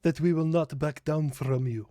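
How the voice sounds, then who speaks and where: A man's voice: on the high side, moderate pace, warm tone, no echo, clean studio sound. A man streaming a reaction video, joking crudely and swearing often. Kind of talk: casual reaction commentary.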